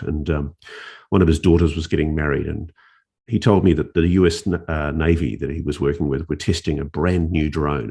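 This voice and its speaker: A male journalist telling a story in casual conversation, animated and often restarting his phrases. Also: very deep voice, creaky, slightly rough. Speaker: investigative journalist, interview guest.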